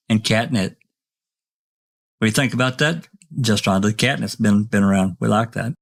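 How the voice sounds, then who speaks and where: A man's voice: lowish voice, moderate pace, gravelly, long pauses. A man hosting an online open mic discussion, talking casually with many fillers and restarts. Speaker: podcast host.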